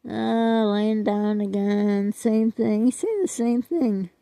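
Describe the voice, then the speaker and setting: A woman's voice: mid-range voice, slow, vocal fry, dark tone, dry recording, rough recording. An older woman vlogger chatting casually to her viewers, rambling and self-deprecating, often trailing off with "I don't know.".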